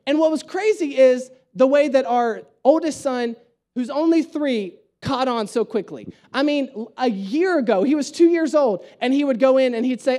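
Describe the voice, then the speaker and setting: A young male pastor with a notably high voice tells jokes as he preaches a relaxed sermon. He talks in an animated, storytelling way, and his delivery stays light and playful. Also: normal speed. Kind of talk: conversational sermon.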